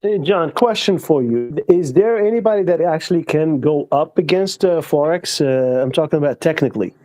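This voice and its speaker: A man's voice: a little high, lively intonation, moderate pace, warm tone. A man from the American South in a casual group voice chat, hesitant and thinking aloud with many fillers. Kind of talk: casual discussion.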